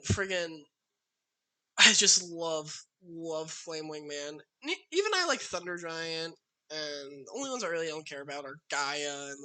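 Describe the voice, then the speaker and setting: A man live-streams a card game, chatting casually and talking to his opponent as he plays. His voice is fairly high with a sharp tone.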